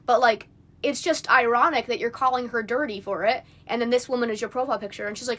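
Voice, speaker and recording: A woman's voice: a little high, fairly even intonation, fast talker, a bit bright. A young woman on a phone livestream, venting in an indignant, rambling rant full of fillers. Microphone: phone mic.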